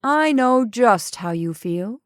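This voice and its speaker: A woman reading the part of a brisk, reassuring male doctor who talks firmly. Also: on the high side, expressive, dry recording, clean studio sound.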